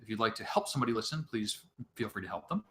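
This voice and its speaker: A man narrating as game master of an online tabletop game, halting often with filler sounds between phrases. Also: on the low side, big pitch swings, sharp tone.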